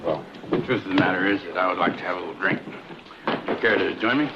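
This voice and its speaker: An actor playing a crude, wisecracking frontier saloon owner who jokes and swears in a coarse way, in 1970s western film acting. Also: male voice, deep voice, fast talker. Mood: mocking. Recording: dull old film soundtrack with hiss.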